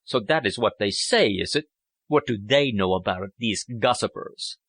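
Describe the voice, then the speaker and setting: A man's voice: on the low side, animated, normal speed, fairly bright tone, no echo, voice pushed down. A man playing a poor, lovesick young officer who talks in a brooding, earnest way. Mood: gloomy.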